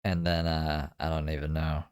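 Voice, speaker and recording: A low-voiced man rambles through casual reaction commentary, jittery from too much coffee and full of filler words. His voice sounds close and dry, with no room sound. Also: monotone, moderate pace, a little mellow, clear, resonant tone, dry recording. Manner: rambling, fidgety, with chuckles and filler. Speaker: host reacting to a clip.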